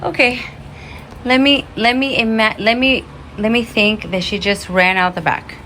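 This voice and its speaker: A woman's voice: fairly high pitch, fairly even intonation, a little slow, bright, forceful tone. A woman chatting casually to camera about her orchids, rambling and easily startled, recorded outdoors by her backyard pergola. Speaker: orchid vlogger. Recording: outdoor recording with clear background noise.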